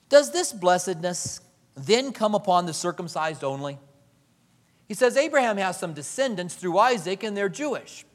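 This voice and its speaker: High-voiced preaching man in a reverberant hall. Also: normal speed. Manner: animated preaching, acting out quoted voices, swings from loud to hushed. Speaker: pastor. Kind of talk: sermon.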